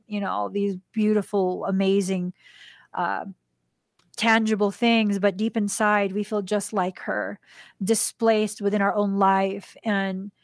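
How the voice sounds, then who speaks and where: A woman's voice: no room sound, clean studio sound. A woman hosting a spiritual podcast, telling a personal story in a casual way and acting out the voices in the dialogue. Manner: animated, acts out quoted dialogue in a higher voice; drops to a soft, hushed voice for tender moments. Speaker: podcast host.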